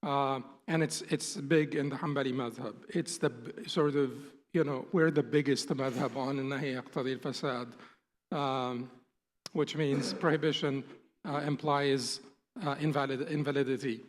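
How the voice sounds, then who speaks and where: A man's voice: medium pitch, fairly even intonation, moderate pace, in a large hall. A male instructor giving a classroom lecture, explaining patiently and restating his points. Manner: patient, explanatory, often rephrases and restates terms.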